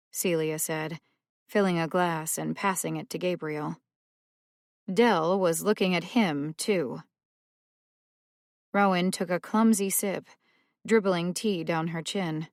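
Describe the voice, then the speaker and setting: A woman reading a mystery audiobook as narrator, in a slow, even manner. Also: lowish voice, no echo, clean studio sound. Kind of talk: scripted narration.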